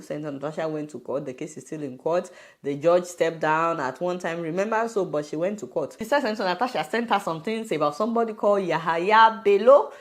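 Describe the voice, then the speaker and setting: Exclaiming Nigerian woman ranting. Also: sits low. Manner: exclaiming, incredulous, mocking. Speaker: commentator reacting to a video. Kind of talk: animated commentary rant.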